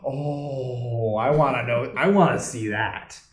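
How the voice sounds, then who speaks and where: A man in a casual chat, teasing and halting, often restarting his sentences. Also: fairly high pitch, lively intonation. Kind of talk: casual video-call chat. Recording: echoey room.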